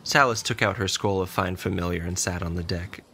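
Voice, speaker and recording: A man narrating a fantasy story in an even storytelling delivery. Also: deep voice, a little fast, creaky, slight background noise.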